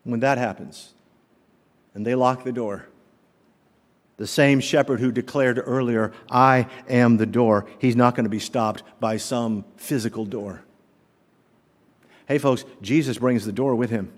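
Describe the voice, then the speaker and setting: A middle-aged man preaching a sermon as pastor, animated, asking the congregation rhetorical questions. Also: medium pitch, unhurried, pauses often. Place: church sanctuary. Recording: long reverb of a large hall.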